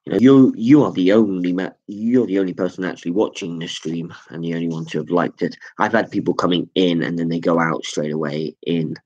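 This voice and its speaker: A man hosting a live reaction stream, calling wrestling moves with excited jumps and chatting to his viewers. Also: sits low, a little fast, hardly any pauses, dull audio. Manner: chatty, thanks viewers directly.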